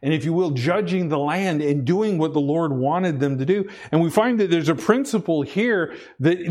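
A man preaching a sermon in a conversational way, often repeating himself and asking the congregation "Amen?", sometimes rising high with excitement. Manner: animated, rises high and loud when excited. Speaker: pastor.

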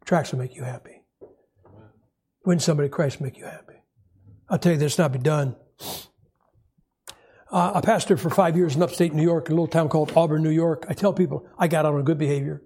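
Husky storytelling preacher man. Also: fairly high pitch, brisk, long pauses. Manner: storytelling preacher, animated and wry. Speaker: pastor. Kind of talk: sermon.

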